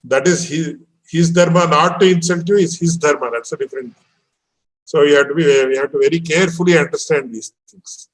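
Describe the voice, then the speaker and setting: A man's voice: on the high side, steady tone, a little fast, rough recording. A man, teaching a religious discourse and explaining verses in a patient, explanatory way. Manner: explanatory, quotes Sanskrit and Tamil verses, chuckles. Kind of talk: scriptural discourse.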